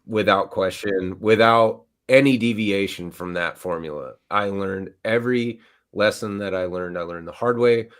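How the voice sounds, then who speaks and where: A man's voice: low voice, moderate pace, fairly bright tone. A middle-aged man co-hosting a live stream, chatting casually with lots of fillers. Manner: rambling, filler-heavy. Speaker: co-host. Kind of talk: casual chat.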